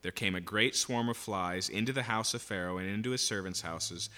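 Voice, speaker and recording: A man's voice: on the low side, fairly quick, bright, forceful tone. A man teaching a Bible passage verse by verse in a conversational way, often checking in with "okay?" and "right?". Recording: long hall reverb.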